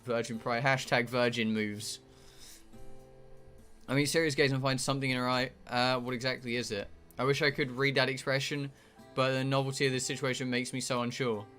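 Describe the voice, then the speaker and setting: A British man reads out a game's story text and chats with his stream audience in between. His voice is bright and forward, and his talk is joking and rambling, with stumbles over words as he reads. Faint music plays in the background. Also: medium pitch, level tone, fairly quick. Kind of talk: live-streamed game playthrough, reading aloud and chatting.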